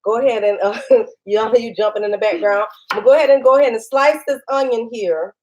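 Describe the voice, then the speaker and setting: A woman hosting a casual live cooking demo from her home kitchen, chatty and excitable, laughing often and talking straight to her viewers. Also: fairly high pitch, fast, lo-fi sound. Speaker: cooking channel host.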